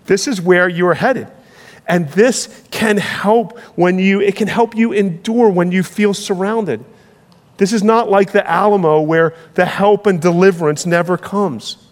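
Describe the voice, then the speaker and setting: Pastor guy preaching, kinda high voice, earnest, long echo from a big hall. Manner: earnest, building to emphatic peaks, slowing for weight. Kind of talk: sermon.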